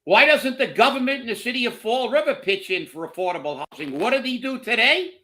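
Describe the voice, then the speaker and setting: A man rants on a political talk show, furious and profane, tripping over his own words as he talks. His voice sits high for a man and sounds bright and edgy. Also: lively intonation, a little fast. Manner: heated, profane, repeats words when worked up. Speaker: co-host of political commentary show. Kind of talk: angry political rant.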